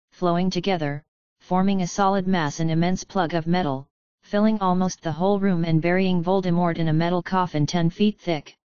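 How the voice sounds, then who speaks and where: A woman reads an audiobook in a steady, even manner. Her voice is smooth and fairly low, recorded dry with a slightly dull, lo-fi sound. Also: no room sound. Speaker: audiobook narrator. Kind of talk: audiobook narration.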